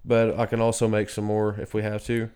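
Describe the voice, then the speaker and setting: A man's voice: lowish voice, monotone, brisk, a little mellow, clean tone. A man co-hosting a casual podcast, laid-back, swearing freely and laughing often. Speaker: podcast co-host. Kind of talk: casual chat.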